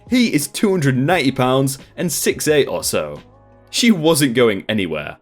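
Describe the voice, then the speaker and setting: A man hosting a storytime channel, reading online stories aloud in a lively, expressive scripted narration. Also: on the high side.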